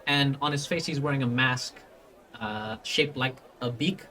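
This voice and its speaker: A man narrates a fantasy tabletop adventure as game master. His talk is rambling and loose, full of fillers and restarts, at an ordinary pitch. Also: fairly even intonation, unhurried, pushed and bright.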